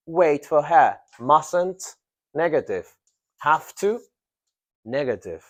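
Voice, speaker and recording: A man teaching an English grammar lesson to a class, asking students questions and repeating key phrases slowly. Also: a little high, animated.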